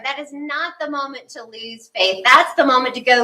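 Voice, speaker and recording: A woman's voice: sits high, moderate pace, few pauses, sharp tone. A woman, a spiritual leader, giving a conversational sermon and acting out her own inner thoughts, heard from a distance.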